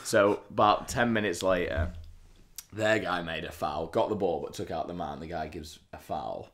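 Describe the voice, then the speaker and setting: Low-voiced man, wry. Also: normal speed, a bit bright. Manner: wry, chipping in, dry asides. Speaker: comedy podcast co-host. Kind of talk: casual banter.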